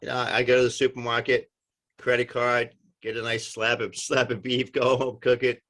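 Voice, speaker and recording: A man with a New York and New Jersey accent, chatting as an interview guest and telling lively anecdotes. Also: medium pitch, normal speed. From Northeastern United States. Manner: animated storyteller, acts out dialogue. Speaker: actor guest. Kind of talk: casual interview chat.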